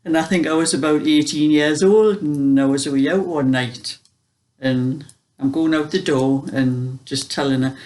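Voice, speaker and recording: A woman's voice: low voice, normal speed, a little mellow. A woman with a Geordie accent chatting casually to camera as a vlogger, homely and full of small hesitations. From Newcastle upon Tyne, England.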